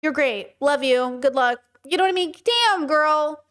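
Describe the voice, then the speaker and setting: High-voiced, exasperated young woman reacting. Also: brisk. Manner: animated, exasperated, swears and ranting. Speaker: host reacting to a video. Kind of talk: reaction stream commentary.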